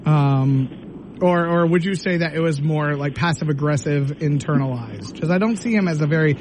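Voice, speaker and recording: A man doing a tarot reading on a radio show, asking gentle, probing questions. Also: fairly high pitch, moderate pace, background noise. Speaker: tarot reader.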